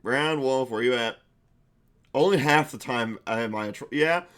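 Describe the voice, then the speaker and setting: A man's voice: medium pitch, unhurried, fairly bright tone. A young man narrating a tabletop game for a live-stream chat, chatty with frequent fillers and laughs.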